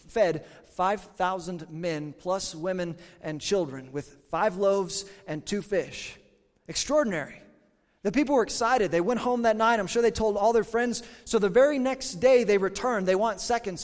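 A man preaching a sermon to a congregation, telling stories and acting out quotes. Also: sits high. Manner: animated storytelling with acted-out quotes. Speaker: pastor. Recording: hall reverb.

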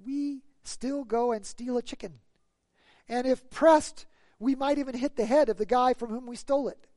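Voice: high-pitched, moderate pace, warm tone, no room sound. A preacher giving a sermon in a conversational, storytelling way, rising to emphatic peaks and putting rhetorical questions to the congregation.

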